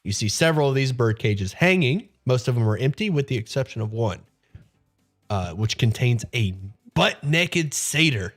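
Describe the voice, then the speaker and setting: Animated tabletop game master. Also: medium pitch, normal speed, faint music behind. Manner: chatty, giggly narration.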